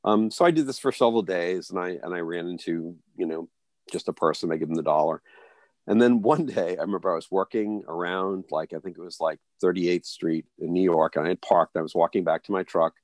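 A man, an interview guest, telling a reflective story in a halting way, full of restarts and fillers. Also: deep voice, no echo, studio quality. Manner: halting, many restarts and fillers, voices others in stories. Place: near a big US city.

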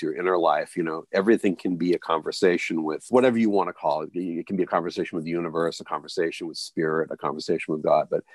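A man, an interview guest, telling a reflective story in a halting way, full of restarts and fillers. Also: deep voice, no echo, clean studio sound. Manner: halting, many restarts and fillers, voices others in stories. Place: near a big US city.

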